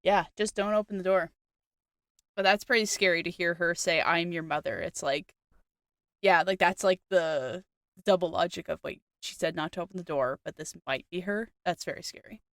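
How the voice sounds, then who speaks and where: A woman's voice: lowish voice, normal speed, no echo, studio quality. A woman podcast co-host chatting casually, filling her speech with "like" and asking playful questions. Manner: chatty, full of "like" fillers. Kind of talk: casual chat.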